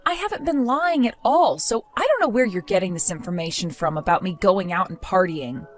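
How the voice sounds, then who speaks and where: A woman's voice: mid-range voice, lively intonation, fairly quick, faint music behind, close to an everyday voice. A young woman voicing a hardworking wife who defends herself with exasperation. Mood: defensive. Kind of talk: text-story voice acting.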